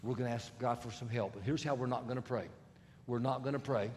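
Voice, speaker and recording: A male pastor preaching a sermon, emphatic and swelling to shouts. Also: mid-range voice, fast talker, gravelly, slight background noise. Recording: long hall reverb with faint music.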